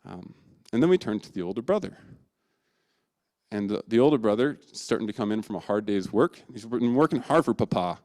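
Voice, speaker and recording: A man's voice: on the low side, expressive, fairly quick, darkish tone. Man preaching in a casual, storytelling way. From England. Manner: casual storytelling, acting out scenes. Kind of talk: sermon.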